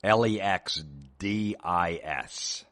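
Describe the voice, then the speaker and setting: A man's voice: sits low, very slow, fairly bright tone. A man hosting a comedy show, ranting in a sarcastic, profane and exasperated way. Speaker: comedian host. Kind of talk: comedic rant.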